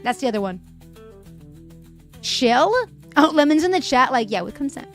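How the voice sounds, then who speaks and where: This young livestream host has a high voice with lively intonation and a moderate pace, though it's slightly fried and tired-sounding. She chats casually, reads viewer messages out loud, and laughs frequently over faint background music.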